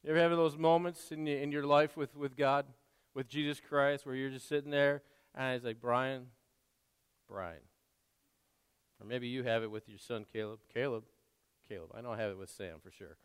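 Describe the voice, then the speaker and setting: A man's voice: mid-range voice, steady tone, fairly quick, smooth. A male pastor preaching a sermon in a church, earnest and conversational, with frequent restarts and asides. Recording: long reverb in a large hall.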